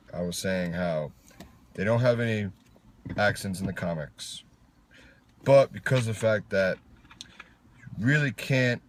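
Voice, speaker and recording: A man giving opinionated ratings in a casual chat, teasing his friend and stretching out words for emphasis. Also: fairly low pitch. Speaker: co-host reviewing films. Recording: faint background noise.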